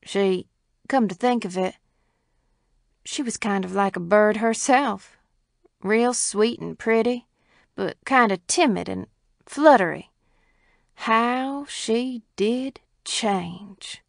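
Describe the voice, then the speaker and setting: A woman's voice: fairly high pitch, slow pace, vocal fry, pauses often, no echo, studio quality. A woman reading the part of a timid sheriff's wife in a story, speaking hesitantly and in a shrinking way. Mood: wistful.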